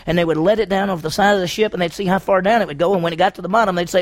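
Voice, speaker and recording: A man's voice: high-pitched, quick pace, few pauses. A man preaching a sermon on a Bible passage, asking his listeners questions and acting out what people said. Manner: asks the audience questions, acts out quotes.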